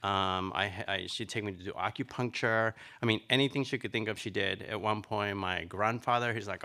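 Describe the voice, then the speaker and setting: Gravelly, bright-voiced man telling his story. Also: fairly low pitch, moderate pace. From Nicaragua. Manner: chatty, many fillers, animated retelling. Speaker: interviewee. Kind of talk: personal storytelling.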